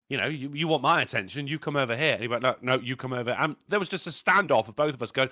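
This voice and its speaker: A man's voice: mid-range voice, very fast, hardly any pauses, no echo, studio quality. A British man co-hosting a podcast, telling mischievous anecdotes in casual chat and swearing freely. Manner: animated, profane, mischievous storyteller. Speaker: podcast co-host.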